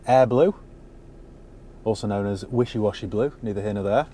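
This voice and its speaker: A man's voice: on the low side, moderate pace, dark tone, slight background noise. A man giving a casual, dry-humoured walkaround of a used car he has bought, talking from inside the parked car on a cold day. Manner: dry, wry asides.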